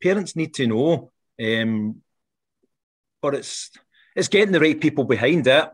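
Scottish man, teacher, animated explaining, mid-pitched voice, restarts his sentences. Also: measured pace, husky. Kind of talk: explaining in a video interview.

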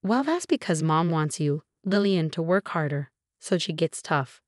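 A woman voicing an indifferent husband who sides with his mother, speaking in a slow, dismissive way. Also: low voice, very animated, no room sound, studio quality. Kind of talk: scripted storytelling.

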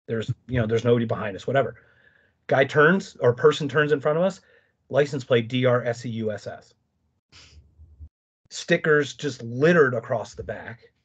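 A man telling stories as a podcast guest, his husky voice running animated, with quick asides and self-corrections. The audio is muffled and lo-fi, like a simple podcast recording. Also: medium pitch. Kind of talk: casual conversation.

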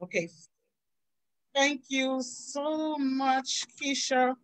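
A woman's voice: high voice, little pitch movement, very slow, low-quality recording. A woman hosting a webinar over a video call, effusive and hesitant, with many restarts. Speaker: webinar host.

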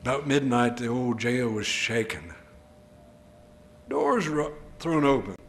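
A man's voice: mid-range voice, very animated, slow, a little hiss or hum. An older male preacher delivering an earnest, emphatic sermon full of rhetorical questions. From United States.

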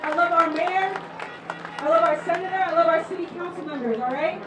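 High-energy woman emcee hyping a rally. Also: brisk, far from the mic, music in the background. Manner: energetic, call-and-response, casual. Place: outdoor rally at a school. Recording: echoey PA from afar, crowd noise. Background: cheering crowd.

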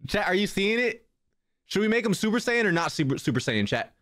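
A man's voice: high-pitched, very animated, brisk, a bit bright, no room sound, clean studio sound. A young man hosting a casual drawing livestream, laughing, swearing and chatting with his viewers. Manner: laughing, swearing, talking to chat. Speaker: livestream host. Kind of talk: casual live-stream chat while drawing.

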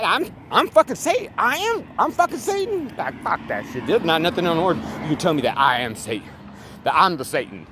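A man giving a rambling, profane, emphatic monologue outdoors near traffic. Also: on the high side. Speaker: vlogger. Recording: loud street and vehicle noise.

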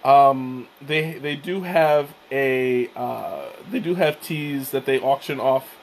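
A man hosting a casual livestream, a little hoarse from a cold, rambling with many fillers and restarts as he greets viewers. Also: medium pitch, takes it slowly, a little hiss or hum. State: slightly hoarse from a cold, coughing. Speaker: livestream host.

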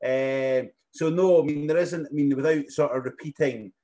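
A man's voice: on the high side, moderate pace, mellow. A man moderating a Q&A, talking casually and hesitantly with filler words. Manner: hesitant, repeats himself. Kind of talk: casual chat.

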